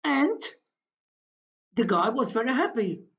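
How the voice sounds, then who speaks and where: Older woman storyteller, higher voice with a lively lilt, deliberate and repetitive, muffled lo-fi sound. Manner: slow, deliberate, repeats phrases. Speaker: commentator. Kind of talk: storytelling monologue to viewers. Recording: dull lo-fi recording.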